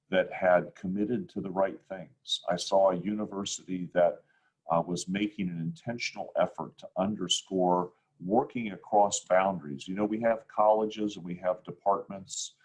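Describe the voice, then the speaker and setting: A man in his sixties from Ohio, answering interview questions in a measured, reflective way with frequent pauses and fillers, speaking over a video call. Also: sits low, slightly rough, poor audio. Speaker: university provost, guest.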